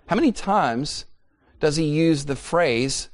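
A middle-aged man preaching a sermon. He is emphatic and often repeats phrases to drive a point home. His voice sits in a middle pitch. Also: sing-song, measured pace.

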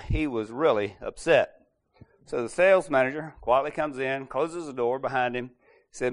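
A folksy man spins a workplace anecdote in a relaxed, conversational way. His voice sits in an ordinary middle range, and he keeps clearing his throat between phrases. He slips into the characters' words as he goes. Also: medium pitch, moderate pace. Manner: folksy, clears throat often, acts out quoted lines. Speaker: speaker retelling an anecdote. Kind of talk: casual storytelling talk.

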